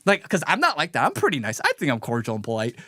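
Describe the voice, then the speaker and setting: A man hosting a live commentary show, talking in an animated, sarcastic way. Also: a little high, fast talker, no echo, clean studio sound. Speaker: show host.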